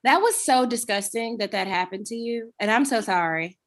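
A young woman co-hosting a podcast, reacting with quick, blunt asides in casual chat. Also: fairly high pitch. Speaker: podcast co-host.

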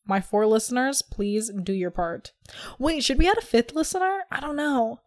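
A woman's voice: a little high, moderate pace, a little mellow. A young woman hosting a casual podcast, rambling and teasing with lots of fillers. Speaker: podcast host. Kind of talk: casual chat.

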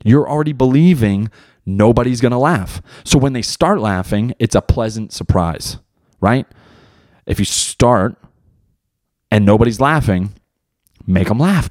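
A man's voice: mid-range voice, moderate pace, darkish tone, dry recording, studio quality. A young man hosting his own podcast in casual solo talk, loose and rambling, heavy on slang and swearing. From United States. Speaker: podcast host and beginner stand-up comic.

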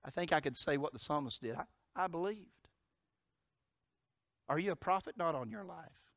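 Man, preacher, somewhat high voice, dry close recording. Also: fast, dry recording. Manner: impassioned preaching, swinging from loud emphatic declarations to hushed storytelling. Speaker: pastor. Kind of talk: sermon.

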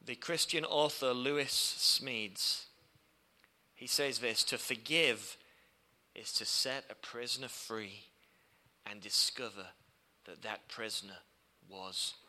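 A male preacher giving a sermon, telling stories with big swings from loud, heated passages down to hushed whispers. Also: medium pitch, slow pace, long pauses.

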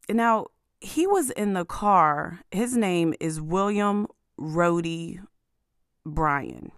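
A woman's voice: fairly low pitch, no room sound, studio quality. A woman hosting a show, talking through the news in a casual, emphatic way with many fillers and restarts. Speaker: podcast host. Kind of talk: casual commentary monologue.

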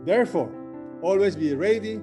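Earnest male preacher over soft guitar. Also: high voice, animated, normal speed. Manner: earnest, urging the listeners to be ready. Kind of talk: closing sermon exhortation.

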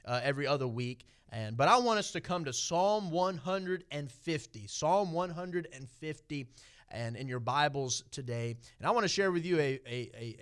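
A man's voice: fairly high pitch, fairly bright tone, clean tone. A middle-aged man with a Southern US accent preaching a sermon in a folksy way, repeating phrases and building to emphatic points.

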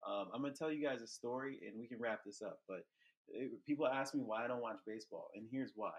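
Young man, podcast host, casual profane storytelling, animated. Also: medium pitch, quick pace. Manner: loose and profane, animated when retelling.

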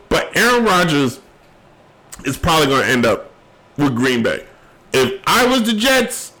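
A man's voice: on the high side, sharp tone, rough recording. A man hosting his own sports show, giving emphatic, rambling opinions and repeating his key phrases, with a voice worn from a long day. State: losing his voice, tired. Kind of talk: opinionated solo sports commentary.

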